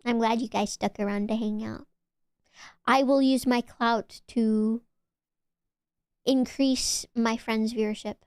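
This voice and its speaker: A woman's voice: on the high side, steady tone, takes it slowly, pauses often, clean tone, no room sound, studio quality. A young woman streaming, chatting casually with her viewers in a giggly, teasing, rambling way.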